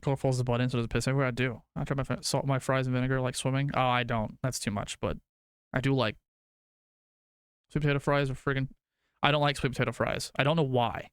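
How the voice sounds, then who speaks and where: Smooth-voiced streamer man, casual rambling. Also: medium pitch, fairly even intonation, quick pace, no room sound, studio quality. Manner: rambling, swears casually, argues food opinions. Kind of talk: casual chat with live chat.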